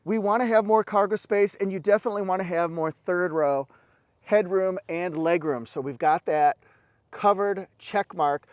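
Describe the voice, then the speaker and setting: A man's voice: high voice, normal speed, a little mellow, smooth, no echo. A man giving an enthusiastic, chatty car walkaround review outdoors, breaking into little exclamations.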